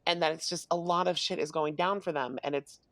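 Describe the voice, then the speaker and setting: A man's voice: on the high side, fairly even intonation, fairly quick, a bit bright, no echo. A man co-hosting a podcast, chatting casually and rambling, with many "like" fillers. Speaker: podcast co-host. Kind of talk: casual chat recapping a TV episode.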